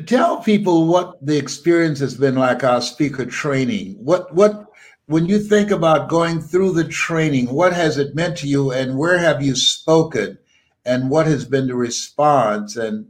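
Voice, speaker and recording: Male host, unhurried, piles up follow-up questions. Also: medium pitch. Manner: slow, deliberate, stacking questions. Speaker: host and speaker trainer. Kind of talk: interview questions.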